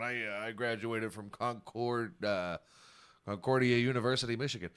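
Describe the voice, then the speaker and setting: A middle-aged man hosting a comedic solo podcast, rowdy and jokey, swinging between shouting and mumbling. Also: mid-range voice, steady tone, normal speed, smooth. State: out of breath. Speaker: podcast host.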